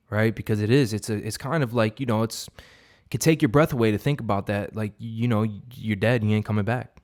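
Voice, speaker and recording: A man's voice: lowish voice, steady tone, fairly quick. A young man giving an unscripted, profane motivational monologue as a vlogger, rambling with many fillers and restarts.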